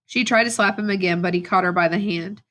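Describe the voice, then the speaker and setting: A woman teacher reading a novel aloud to her students at a steady, plain pace, with brief asides to the class. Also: medium pitch, quick pace.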